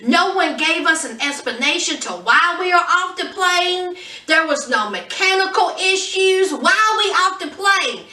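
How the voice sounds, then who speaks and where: Woman doing a loud, condescending young woman in a defensive rant, recorded far off in an echoey room. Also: lively intonation, a little slow, full character voice. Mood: indignant. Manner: loud, shrill, profane, condescending. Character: angry defensive young woman comedian ranting. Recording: roomy echo, distant mic.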